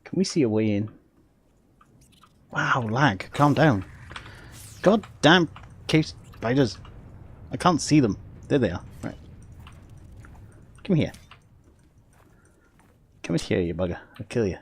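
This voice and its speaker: A man's voice: medium pitch, lively intonation, unhurried, long pauses, breathy edge. A man with a Welsh accent giving casual gameplay commentary as a streamer, chatting with viewers and laughing often.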